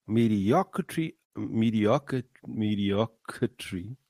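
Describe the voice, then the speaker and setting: The South African host, in a motivational monologue on his show, sounds earnest, using lots of fillers and repeated words and rising emphasis on key phrases. His lowish, a little mellow voice has vocal fry, big pitch swings and a slow pace, recorded dry.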